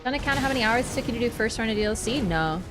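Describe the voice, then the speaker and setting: A young woman with a Canadian accent talks through a video game run and chats with her viewers as she goes. Her voice rises and falls in an animated way. Game music plays behind her. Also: on the high side, very fast. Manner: chatty, answers chat between fights. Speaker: streamer. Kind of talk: live game commentary.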